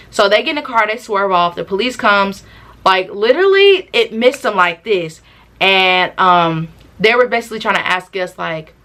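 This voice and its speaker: A young woman vlogger, telling a storytime tale in a casual, animated, slangy way with laughing asides. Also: medium pitch.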